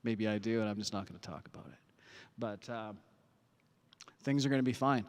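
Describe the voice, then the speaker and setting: A man's voice: lowish voice, fairly quick, in a large hall. A man hosting a music livestream from an outdoor parking lot on a phone, chatting casually with lots of swearing and fillers, a bit winded after playing. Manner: rambling, profane, many fillers.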